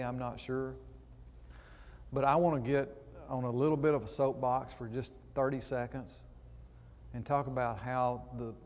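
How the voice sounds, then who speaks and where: A man's voice: mid-range voice, darkish tone. A man preaching a sermon in a church, reading scripture and adding conversational asides. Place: church auditorium. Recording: long reverb in a church hall.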